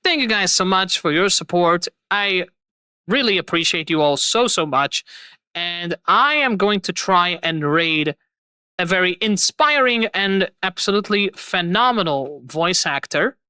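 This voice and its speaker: A woman's voice: lowish voice, lively intonation, unhurried, sharp tone, smooth, no echo. A woman streamer signing off her stream in a casual, effusive, rambling way, repeating her thanks. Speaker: streamer and host.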